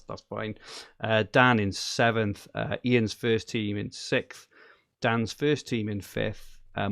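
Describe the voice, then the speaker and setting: A man's voice: lowish voice, creaky, dry recording, studio quality. A man co-hosting a casual podcast, reading out league standings with lots of ums and uhs. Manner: chatty, reads out standings with many fillers. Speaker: podcast co-host.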